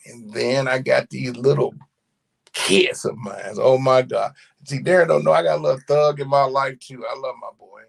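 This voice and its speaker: A middle-aged man telling family stories in a casual monologue, animated and profane. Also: fairly high pitch, gravelly, slightly rough. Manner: animated storytelling, profane slang. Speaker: commentator.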